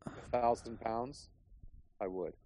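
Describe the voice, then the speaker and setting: A man's voice: medium pitch, fairly even intonation, slow, warm tone, a little hiss or hum. A man hosting a podcast over a remote call, rambling through stories in a casual chat and swearing freely. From Chicago area. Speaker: podcast host.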